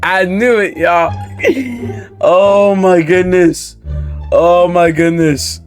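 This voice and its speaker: A man's voice: high voice, steady tone, drawn-out words, music in the background. A man doing casual reaction commentary on funny videos, laughing often and repeating short exclamations.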